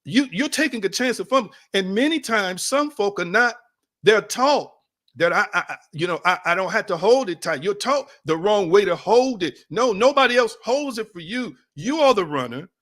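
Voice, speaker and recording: A man's voice: high-pitched, lively intonation, normal speed, a bit bright. A man preaching a sermon in a conversational, emphatic way, repeating phrases and calling on his listeners directly. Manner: conversational, addresses audience as y'all.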